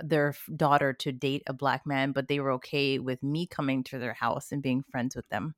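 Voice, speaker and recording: A Canadian woman co-hosting a podcast, telling personal stories in an animated way with quoted asides. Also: very deep voice, normal speed, dry recording, clean studio sound. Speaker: podcast co-host. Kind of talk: casual chat.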